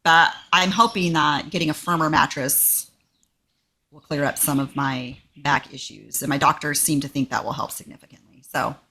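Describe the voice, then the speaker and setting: A woman's voice: low voice, fairly even intonation, moderate pace, pushed and bright. A woman co-hosting a podcast, telling an everyday story in a chatty, exasperated way. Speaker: podcast co-host. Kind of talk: casual chat.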